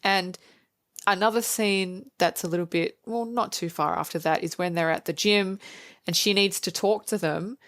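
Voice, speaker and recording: A woman talks through a film on a podcast, animated and quick to act out lines from scenes. Her voice sits a little low, and the sound is dry and close. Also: no room sound. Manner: animated, acts out quoted lines. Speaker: podcast co-host. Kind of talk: casual movie review chat.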